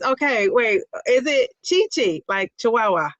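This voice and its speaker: A woman's voice: sits high, lively intonation, moderate pace, fairly bright tone, no echo. A middle-aged woman hosting a casual livestream, greeting viewers by name in a bubbly, playful way and laughing at her own jokes.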